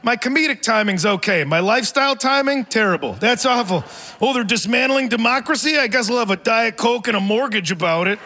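A man's voice: very high-pitched, lively intonation, a little fast, bright, forceful tone. A man in his forties performing a rambling, self-mocking stand-up set on a theater stage, often laughing through his lines. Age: 40s. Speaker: stand-up comedian. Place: theater stage before a live audience.

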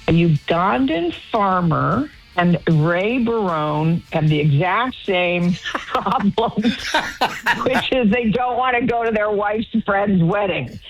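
Low-voiced actress telling stories on radio. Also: female voice, dull audio. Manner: animated storytelling, with laughs. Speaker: guest actress. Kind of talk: casual radio interview.

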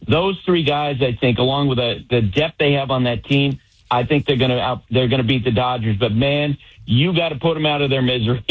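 A middle-aged man breaks down baseball on sports radio with firm opinions and a string of quick examples. His voice sits in a middle pitch. The sound is dull and lo-fi, like a radio feed. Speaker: baseball analyst.

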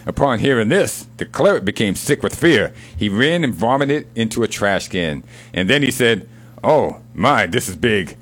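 A man co-hosting a casual show, telling a joke and reading sports history in an unhurried storytelling manner. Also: mid-range voice, animated.

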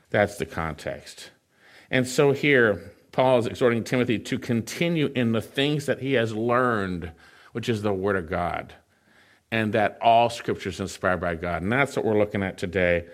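A man preaching a sermon, reading scripture slowly and then explaining it in a conversational way. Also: on the low side, expressive. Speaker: pastor.

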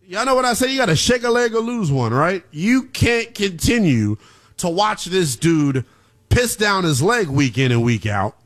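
A man's voice: high voice, a bit bright. A man hosting a college football talk show, brash and emphatic, repeating lines for punch. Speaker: sports show host.

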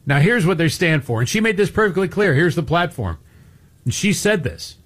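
A man's voice: a little high, sing-song, moderate pace, a bit bright. Blunt, emphatic male talk show co-host. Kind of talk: opinionated talk radio chat.

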